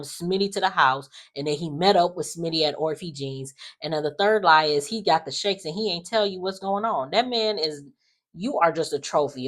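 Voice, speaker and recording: A woman casually recapping a soap opera episode, acting out the characters' lines with dramatic asides. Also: low-pitched. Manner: animated, acts out quotes with dramatic asides.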